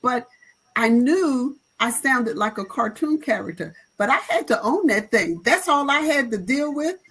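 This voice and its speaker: Husky-voiced woman pastor, emphatic. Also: a little high, animated, measured pace, a bit bright, rough recording. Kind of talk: panel talk with preaching flavor.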